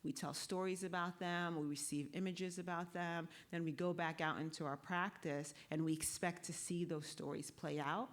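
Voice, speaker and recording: A woman's voice: lowish voice, fairly even intonation, moderate pace, hardly any pauses. A woman law professor speaking on a conference panel, lecturing in a conversational way and often checking in with tag questions. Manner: walks the audience through a guided exercise.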